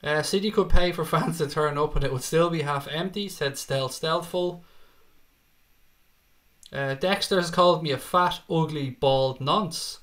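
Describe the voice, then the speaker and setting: A man's voice: a little high, measured pace, a bit bright. A man with an Irish accent hosting a casual live stream, reading out viewer comments and chatting back with jokes and swearing. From Ireland. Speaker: host reading live chat.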